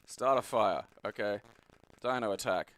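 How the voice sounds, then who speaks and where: A man's voice: lowish voice, unhurried, fairly bright tone. An Australian man rambling sarcastically and swearing freely while commenting on an old computer game he is playing. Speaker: retro game reviewer.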